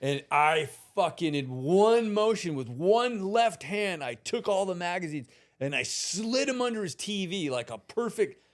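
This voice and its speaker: A man around sixty, a podcast guest telling a long personal story in a casual, animated way, swearing freely and laughing through it. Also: high-pitched, a little slow, few pauses. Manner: animated, profane, laughs through his stories.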